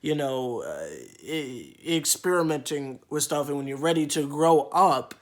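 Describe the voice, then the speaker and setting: A man's voice: a little high, lively intonation, unhurried. Young man rambling casually to camera. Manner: rambling, with repeated restarts and mocking quoted voices. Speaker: vlogger.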